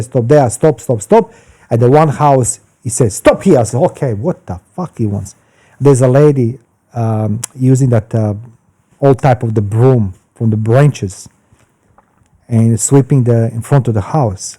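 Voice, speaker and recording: Male, 50s, dark warm voice, blunt animated podcast storyteller. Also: medium pitch. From Croatia. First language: Croatian. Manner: animated, blunt, swears freely, broken grammar. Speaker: podcast guest. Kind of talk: candid storytelling in conversation.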